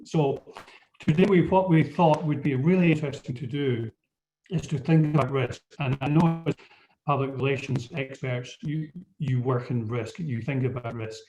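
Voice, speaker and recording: A man's voice: mid-range voice, moderate pace, a little mellow, slight background noise. A man with a slight Scottish accent presenting a webinar over a video call, hesitant, with many ums and restarts. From Scotland. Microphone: computer mic on a video call. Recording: muffled video call audio.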